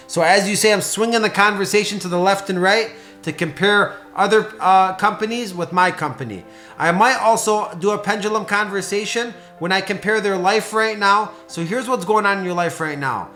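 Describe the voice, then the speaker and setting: High-voiced male sales trainer, roomy sound. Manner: energetic, conversational, acts out sample sales lines. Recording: roomy echo with faint music.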